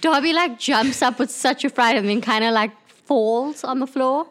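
A woman's voice: high voice, moderate pace, fairly bright tone, a little hiss or hum. A woman playing a tabletop game, describing what her character does. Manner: describes own character's actions. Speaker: player.

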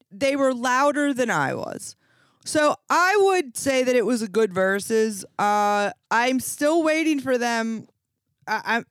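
A woman's voice: fairly high pitch, clear, resonant tone, no room sound, clean studio sound. A woman co-hosting a podcast, brash and profane in casual chat. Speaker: podcast co-host.

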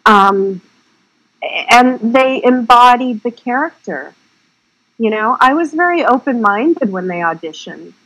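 A woman's voice: on the high side, animated, measured pace, a bit bright, low-quality recording. Woman director, casual interview, chatty and rambling with a frank, salty streak. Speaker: independent film director.

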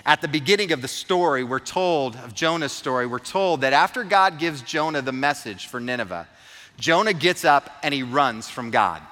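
Bright-voiced man preaching in a hall. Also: mid-range voice, moderate pace. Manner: earnest, animated storytelling with emphatic repetition. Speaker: pastor. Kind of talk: sermon.

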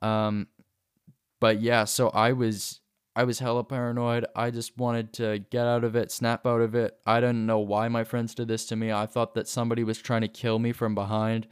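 A man's voice: mid-range voice, smooth. A young man casually telling a personal story, rambling with many fillers and restarts. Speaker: vlogger.

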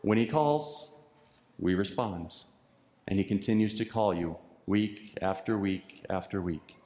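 A pastor preaching a sermon with an earnest, repetitive preaching cadence, heard in a church sanctuary. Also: male voice, fairly low pitch, unhurried, darkish tone. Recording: echoey church hall with long reverb.

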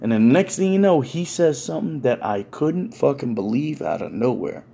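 A man's voice: mid-range voice, lively intonation, normal speed, vocal fry, warm tone, husky. A man telling a funny story in casual, profane street slang.

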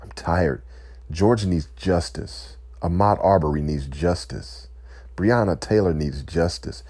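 A man giving an impassioned, emotional speech, weary and close to tears, pausing to collect himself. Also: low-pitched, dark tone, husky, no echo. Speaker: speaker addressing listeners.

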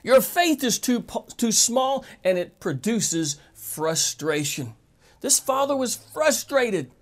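A man's voice: very high-pitched, big pitch swings, slow pace. A man preaching a sermon, talking straight to his listeners with emphatic rhetorical questions.

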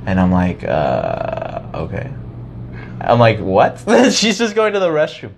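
Animated young man telling a story. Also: on the low side, takes it slowly, gravelly, slight background noise. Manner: animated, swearing, acting out his past self. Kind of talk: casual storytelling chat.

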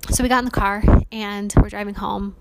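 A woman's voice: mid-range voice, steady tone, brisk, creaky, heavy background noise. A woman in the middle of her range talks through a personal faith story on her podcast. She is earnest and chatty, with loose fillers and asides to her listeners. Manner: earnest, chatty, many fillers like "like" and "you guys". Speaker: podcast host.

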